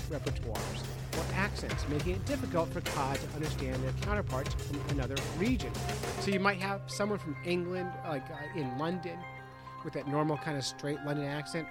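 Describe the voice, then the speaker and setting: A podcast host who reads quirky news items aloud and adds wry jokes in a casual chat. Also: medium pitch.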